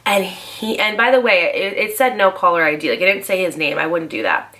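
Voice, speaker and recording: In her twenties, this vlogger shares a casual story at a fast, gabby pace, using "like" constantly as filler. Her voice sits on the low side yet comes across pushed and bright.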